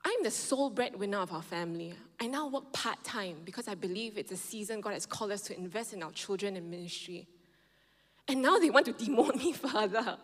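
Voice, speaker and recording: A woman's voice: medium pitch, lively intonation, fairly quick. A woman pastor preaching a sermon, telling a personal story and quoting others in changing tones. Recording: long reverb of a large hall.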